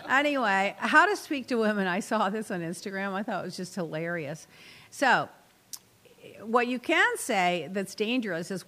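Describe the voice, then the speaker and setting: Chatty woman host with a lively voice. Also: medium pitch, normal speed. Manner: chatty, opinionated, laughs while reading jokes. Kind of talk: casual chat show banter.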